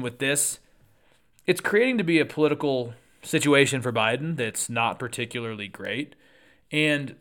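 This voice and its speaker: A man hosting a solo political podcast, talking through the news conversationally with quick asides and self-corrections. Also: mid-range voice, fairly bright tone.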